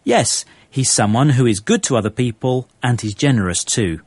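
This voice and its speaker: A man's voice: mid-range voice, expressive, moderate pace, a little mellow, no echo. Man presenting a scripted lesson. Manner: clear explaining, chuckles often.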